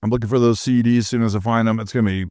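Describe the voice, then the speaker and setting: Male podcast host, mid pitch, blunt ranting solo monologue, dry close mic. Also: fairly even intonation, very fast, darkish tone, dry recording. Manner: blunt, ranting, mocks others in put-on voices.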